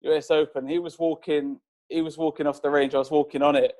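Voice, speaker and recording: A young English man with a voice pitched a little high chats on a podcast in an easygoing, unhurried way. He tells golf stories and chuckles along as he goes. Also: flat delivery, a little mellow. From England. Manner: laid-back, chuckles while telling stories. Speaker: professional golfer guest. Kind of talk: casual podcast chat.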